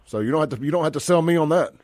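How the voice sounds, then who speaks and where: A man's voice: a little high, rapid-fire, a little mellow, no room sound. A man from Mississippi hosting a talk radio show, blunt and folksy, calling listeners brother. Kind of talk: conservative talk radio commentary.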